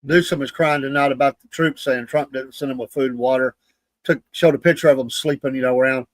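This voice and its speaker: A man's voice: mid-range voice, fairly even intonation, fairly quick, no echo. A man co-hosting a live talk show, giving indignant commentary with chuckles. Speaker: show co-host. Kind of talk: casual political chat.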